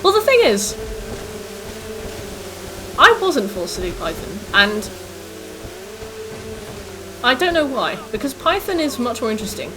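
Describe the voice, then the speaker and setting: A woman's voice: a little high, sing-song, unhurried, pauses often, background noise. A woman in her twenties, a streamer chatting casually with viewers while gaming, rambling with lots of fillers.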